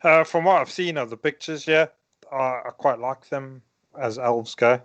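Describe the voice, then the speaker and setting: A man's voice: mid-range voice, normal speed, a bit bright, dry recording, muffled recording. Guy umming and uhing through his opinion, dry mic. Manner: hesitant, many ums and uhs. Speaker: panelist. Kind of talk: casual chat.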